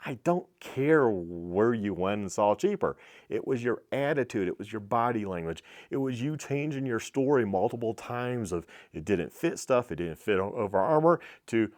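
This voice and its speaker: Middle-aged guy running a little moto shop, kinda low voice, swears a lot telling his story. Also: moderate pace. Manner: blunt, profane, animated storyteller. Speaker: motorcycle shop owner. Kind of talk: casual vlog storytelling. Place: small motorcycle shop.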